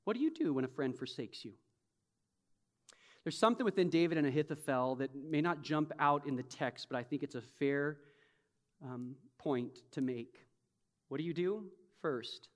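A man preaching a sermon as pastor, emphatic, swinging from soft reflection to loud, urgent bursts and acting out imagined speakers. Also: fairly high pitch, normal speed. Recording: long hall reverb.

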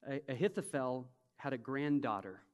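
A man preaching a sermon as pastor, emphatic, swinging from soft reflection to loud, urgent bursts and acting out imagined speakers. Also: medium pitch, normal speed. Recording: long hall reverb.

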